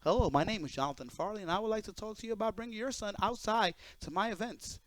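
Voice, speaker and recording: A man doing a prim, overly polite gentleman. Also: high voice, fast, no room sound, lightly acted. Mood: ingratiating. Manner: soft, prim, exaggeratedly formal. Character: overly polite, proper adult man, ingratiating.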